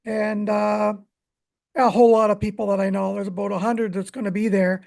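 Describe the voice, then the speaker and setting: A man's voice: sits high, little pitch movement, normal speed, gravelly, a little mellow. A man co-hosting a podcast, chatting in an easygoing, informative way. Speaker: podcast co-host. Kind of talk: casual chat.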